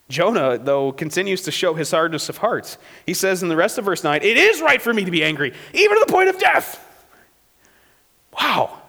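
A pastor delivering a conversational sermon, often tagging lines with "right?" and now and then acting out a quote in a sudden, high, shouted burst. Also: male voice. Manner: conversational preaching with frequent "right?" tags. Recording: long hall reverb.

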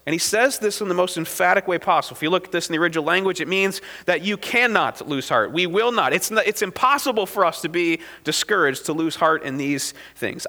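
A man's voice: sits high, lively intonation, brisk, pushed and bright, big-room sound. A man preaching a sermon as a pastor, in a conversational style with frequent "right?" asides to the congregation.

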